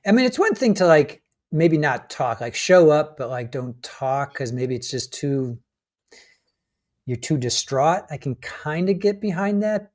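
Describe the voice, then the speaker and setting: Male co-host, trial-commentary stream, halting delivery with frequent restarts. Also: on the high side, very animated, a little mellow. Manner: hesitant, restarts often, chuckles while reading out legal points. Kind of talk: casual live commentary.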